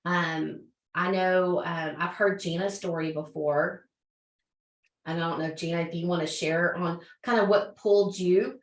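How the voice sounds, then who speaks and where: A woman's voice: fairly low pitch, fairly even intonation, unhurried, echoey room, recorded from a distance, low-quality recording. A woman hosting a business call, giving an earnest, emotional motivational talk with many fillers and restarts.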